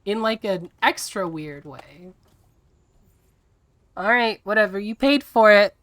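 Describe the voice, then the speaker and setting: A woman streaming a video game, chatting casually with her viewers in an exasperated, teasing way and quick to laugh. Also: mid-range voice, expressive, fairly bright tone.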